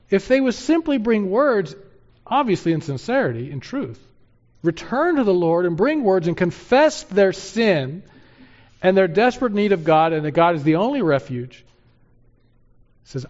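A man preaching a sermon, moving from loud urgent exhortation to hushed, earnest pleading. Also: sits high. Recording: dull sound with long hall reverb.

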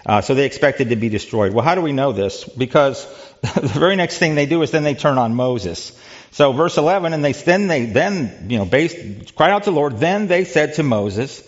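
A man's voice: mid-range voice, expressive, moderate pace, highs cut off. Man teaching a church Bible study. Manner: conversational, asks the group questions, repeats words.

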